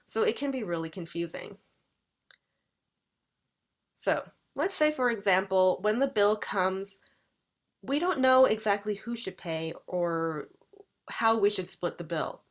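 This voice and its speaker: A young woman with a Canadian accent giving a recorded English lecture, modeling polite phrases with clear, exaggerated intonation. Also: medium pitch. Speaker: English teacher.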